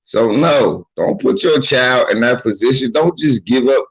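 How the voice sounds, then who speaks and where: A man's voice: medium pitch, lively intonation, a little slow, gravelly, breathy edge, low-quality recording. A man giving blunt, profane, streetwise advice in a casual monologue, acting out the voices of the people he talks about. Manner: acts out quoted voices of others.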